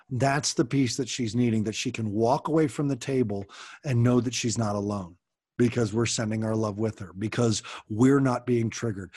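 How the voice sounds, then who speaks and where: A man's voice: medium pitch, breathy edge. A man coaching parents over a call, talking frankly and passionately and swearing casually.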